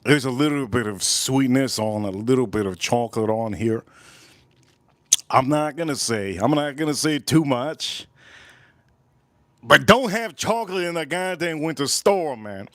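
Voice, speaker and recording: A man hosting a casual whiskey tasting livestream, rambling and profane, repeating himself with loud bursts. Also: mid-range voice, expressive, measured pace, no echo. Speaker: whiskey reviewer and livestream host.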